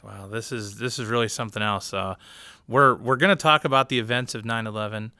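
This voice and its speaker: A man from the US East Coast hosts an interview in an earnest, halting way, with many ums. His voice is bright and smooth, though lowish in pitch. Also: no echo. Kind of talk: hosting an interview.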